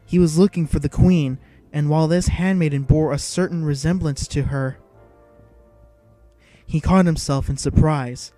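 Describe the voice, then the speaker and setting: A man narrating an audiobook in a measured, even storytelling manner. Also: on the high side, faint music behind.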